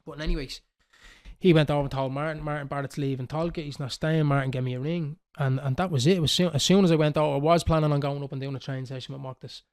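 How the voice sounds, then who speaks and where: Fast-talking Dublin man telling stories. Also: a little high, clear, resonant tone. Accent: Dublin Irish. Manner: animated, swearing, quoting others. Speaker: podcast host. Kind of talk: casual storytelling.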